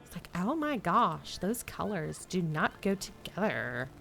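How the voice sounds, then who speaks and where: A woman's voice: lowish voice, big pitch swings, measured pace, vocal fry, fairly bright tone. Woman, streamer, casual game commentary, reads lines aloud, playful, faint background music. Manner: reads game dialogue aloud, giggly and chatty.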